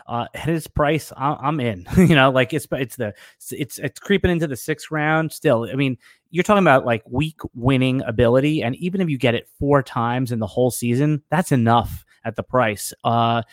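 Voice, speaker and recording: A man co-hosting a casual fantasy football podcast, talking in an easygoing, halting way. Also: mid-range voice, no room sound, clean studio sound. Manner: easygoing, hesitant, many fillers and restarts. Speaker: podcast co-host. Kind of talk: casual sports podcast debate.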